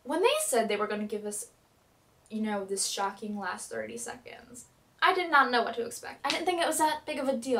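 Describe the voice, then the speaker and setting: A young woman recapping a TV episode as a fan vlogger, gushing and dramatic, with quick swings in loudness. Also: fairly high pitch, recorded from a distance.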